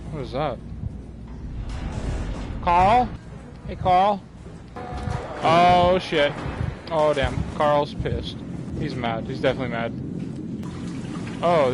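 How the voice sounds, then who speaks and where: A young man streaming a video game, joking and talking back to the characters on screen. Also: medium pitch. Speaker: gaming streamer. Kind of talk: let's play commentary.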